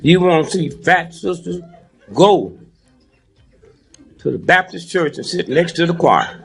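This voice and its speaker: A man's voice: a little high, very animated, unhurried, vocal fry, slight background noise. A man in his eighties talking to a live audience in a preachy, joking way, keeps prodding the crowd with "huh?" and "hmm?". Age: 80s. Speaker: speaker addressing a live audience.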